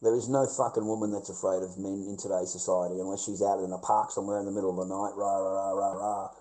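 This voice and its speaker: A man's voice: low-pitched, little pitch movement, quick pace, dark tone, rough recording. An older Australian man ranting on a phone livestream, swearing and repeating himself for emphasis. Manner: repetitive, profane and emphatic. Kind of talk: livestream rant.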